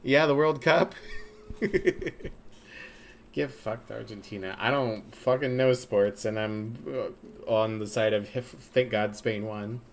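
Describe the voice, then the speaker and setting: A man's voice: mid-range voice, slow, slight background noise. A man streaming a game, joking and chatting casually, swearing now and then.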